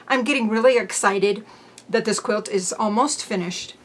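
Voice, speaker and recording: A woman hosting a casual home sewing vlog, chatting cheerfully with lots of "um" fillers and joking about her own mistakes. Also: mid-range voice. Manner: chatty, unhurried, frequent "um" fillers. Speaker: quilting channel host.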